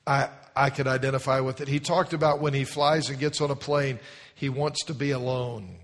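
A male pastor preaching a sermon, telling stories with animated emphasis. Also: medium pitch, normal speed. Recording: long hall reverb.

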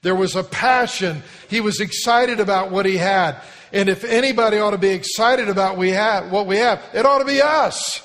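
A man with a notably high voice delivers an emphatic sermon from a church sanctuary. He leads the congregation to say phrases back to him. A long reverb trails each line through the hall. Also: moderate pace, a bit bright. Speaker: pastor.

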